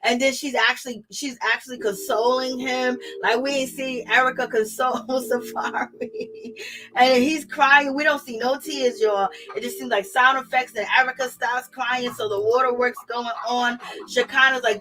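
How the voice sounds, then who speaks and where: Sassy, bright-voiced woman gossiping. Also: high voice, steady tone, moderate pace, rough recording. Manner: chatty, sassy, laughs often, quotes people in mock voices. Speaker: reality TV recap host. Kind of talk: casual gossip commentary.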